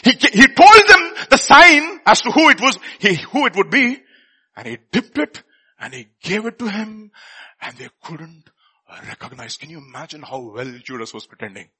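A male preacher with a high, bright voice that has a husky edge. He delivers his sermon with animated swings from loud bursts down to hushed near-whispers, acting out the scripture as he reads. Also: moderate pace.

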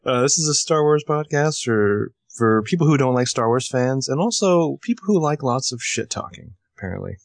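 A man co-hosting a casual podcast with wry, understated humor and a low-key delivery. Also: lively intonation, moderate pace, vocal fry, few pauses, dry recording. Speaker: podcast co-host.

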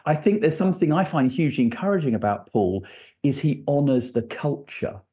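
Male guest, warm dark tone, musing and circling back on his thoughts. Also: a little high, brisk. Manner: thoughtful, rambling, restarts often. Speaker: author and church leader, guest. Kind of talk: conversational interview answers.

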